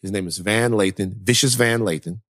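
A man on a podcast telling a story in a casual, animated way, his voice jumping up high when he is exasperated. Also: fairly quick, dry recording, studio quality. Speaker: podcast co-host.

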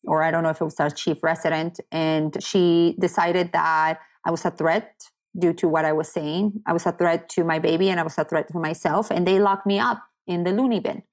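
A woman's voice: lowish voice, fairly even intonation, brisk, hardly any pauses. A woman sharing a personal story as a podcast guest, talking candidly and earnestly, often quoting what others said to her. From United States. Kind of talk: personal story in casual conversation.

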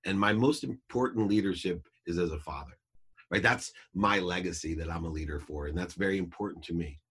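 Husky low-voiced middle-aged man. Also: fairly quick, fairly bright tone. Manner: earnest, reflective, emphatic. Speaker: guest. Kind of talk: podcast interview storytelling.

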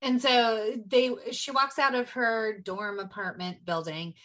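Animated woman recapping, bright voice. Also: on the high side, measured pace. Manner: animated storyteller, casual swearing. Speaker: podcast co-host. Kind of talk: casual film recap.

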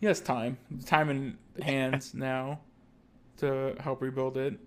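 A man's voice: mid-range voice, little pitch movement, takes it slowly, slight background noise. A man co-hosting a podcast in casual chat, talking loosely with many fillers and restarts. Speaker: podcast co-host.

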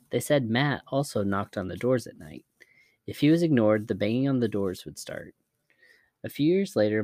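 A man narrating scary stories in a measured, even storytelling manner. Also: fairly low pitch, no room sound, studio quality.

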